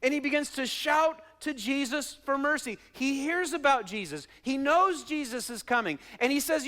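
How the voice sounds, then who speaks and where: A man preaching a sermon as pastor, dramatic, acting out quotes and swinging from loud shouting to hushed asides. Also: extremely high pitch, lively intonation, moderate pace, few pauses.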